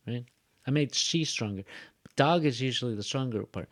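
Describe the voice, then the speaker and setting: A man's voice: medium pitch, animated, normal speed, no room sound. A man teaching English pronunciation in a casual, joking way, saying example sentences aloud to demonstrate them. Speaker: ESL teacher. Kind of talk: casual classroom explanation.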